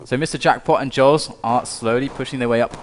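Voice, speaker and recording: A young man calls a video game match with loose, chatty energy and stumbles over his words now and then. His voice is at a middle pitch, with a faint noise under the stream audio. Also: steady tone, fairly quick, big-room sound. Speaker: esports caster. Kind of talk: casual esports casting and play-by-play.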